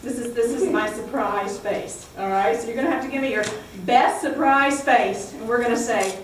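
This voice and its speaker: Lady teaching kids a bible story, high voice, really echoey room, mic far away. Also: normal speed, hardly any pauses, a little hiss or hum. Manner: animated, exclaiming, coaxing children to repeat lines. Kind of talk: telling a Bible story to children.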